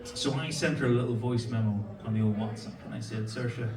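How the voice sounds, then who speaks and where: A man's voice: fairly low pitch, quick pace. A brash, sweary Irish stand-up in his forties trades banter with the crowd. His voice comes from a distance in an echoey hall. Laughter rolls in from a big audience. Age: 40s. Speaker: stand-up comedian. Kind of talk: live stand-up set. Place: comedy venue stage.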